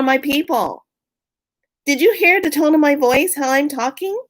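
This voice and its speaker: A woman from California talking casually to her viewers, outspoken and animated. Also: measured pace. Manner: animated, outspoken, jumps up in pitch when worked up. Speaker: spiritual vlogger. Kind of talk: casual chat to camera.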